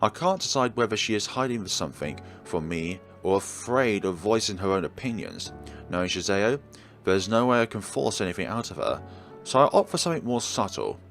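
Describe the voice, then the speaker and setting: A man reading a horror visual novel aloud, narrating in an expressive, dramatic first-person voice. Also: lowish voice, a little fast, soft background music. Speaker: let's play host and reader.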